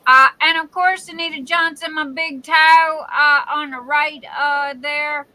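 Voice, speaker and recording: A woman's voice: sits high, steady tone, a little slow, sharp tone, no echo, rough recording. A woman with a Southern US accent hosting a casual live stream, chatty and greeting viewers by name with endearments like "darling.".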